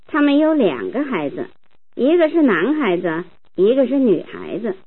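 Lively, breathy woman reading drills. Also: a little high, moderate pace. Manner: clear, careful reading. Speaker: language tape speaker. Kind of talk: model sentences for learners. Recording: tinny narrow-band tape recording.

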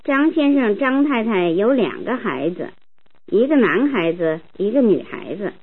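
A woman reading model sentences clearly and carefully for language learners. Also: medium pitch, big pitch swings, unhurried. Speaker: language tape speaker. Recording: tinny narrow-band tape recording.

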